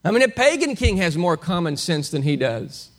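At a normal pace and in a fairly high voice, a man delivers an expository sermon. He teaches with animation, firing rhetorical questions at his listeners and chuckling from time to time.

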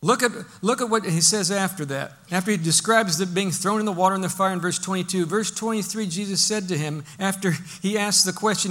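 A man preaching a sermon, emphatic, acting out Bible quotes and dropping to a hush for his points. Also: high-pitched, expressive, brisk. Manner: emphatic, swings from loud to hushed, acts out Bible quotes.

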